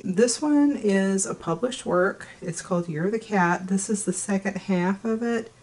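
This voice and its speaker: A woman author, hoarse from a cold, casually explaining how she revises her writing, with a rambling delivery full of ums and uhs. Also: low voice, darkish tone. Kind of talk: casual explanatory video talk.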